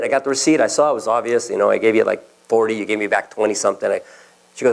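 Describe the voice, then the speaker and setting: Pastor guy, gravelly voice, tells stories in his sermon and does everyone's lines. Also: lowish voice, steady tone, fast, rough recording. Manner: storytelling, acts out quoted voices.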